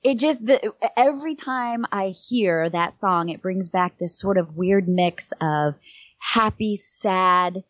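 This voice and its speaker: A woman's voice: mid-range voice, slow, dry recording. A middle-aged woman telling a personal story in casual chat, rambling a little with frequent fillers. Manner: rambling, fills with um and like. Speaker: guest. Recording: dull, slightly lo-fi dry sound.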